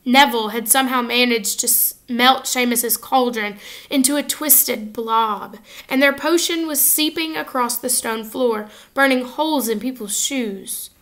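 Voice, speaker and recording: A woman narrating a children's novel aloud in an expressive, lively reading style. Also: on the high side, a little slow. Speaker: audiobook reader. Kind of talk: storybook narration.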